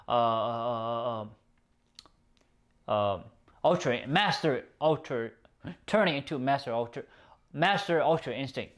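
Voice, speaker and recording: A man giving a casual, excitable episode review, swearing often and rambling through restarts. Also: mid-range voice. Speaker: video reviewer.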